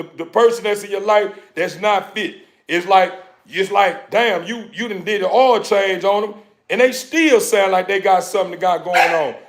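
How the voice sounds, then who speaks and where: Fired-up man with a gravelly, high voice. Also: background noise. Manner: preachy, repetitive, fired-up street talk. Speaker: dog breeder vlogger. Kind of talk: casual motivational talk to camera.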